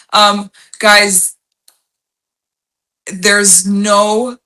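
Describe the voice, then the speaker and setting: Woman, podcast guest, bright voice, candid, emphatic, casual chat. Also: medium pitch, level tone. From Armenian heritage. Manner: candid, emphatic, drawn-out phrasing. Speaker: podcast guest, slot content creator.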